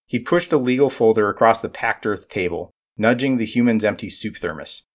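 Low-voiced male audiobook narrator. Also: moderate pace.

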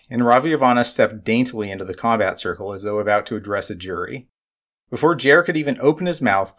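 Brief: male narrator, fairly low voice, measured scripted audiobook reading. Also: fairly bright tone.

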